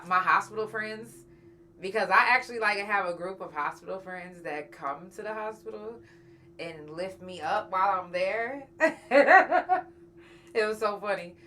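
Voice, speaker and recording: A woman's voice: mid-range voice, pushed and bright, slight background noise. A woman, a podcast host and singer, chatting casually and candidly with her live viewers, swearing freely.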